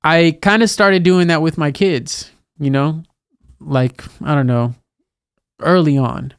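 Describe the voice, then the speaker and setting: In a fairly high, slow voice with a clear, resonant tone, a podcast co-host in his thirties talks casually and animatedly about raising kids. He mimics scolding a child loudly. The studio-quality recording is dry.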